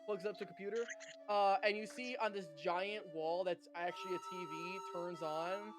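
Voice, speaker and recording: A man's voice: sits high, steady tone, moderate pace, music in the background. A man narrating as game master of a tabletop game, rambling with many fillers and laughs. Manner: rambling, giggly, filler-heavy.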